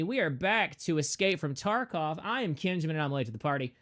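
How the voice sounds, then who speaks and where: A man streaming a game, talking casually and emphatically, preaching in a lively, animated way and slipping into mocking voices. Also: a little high, brisk, music in the background.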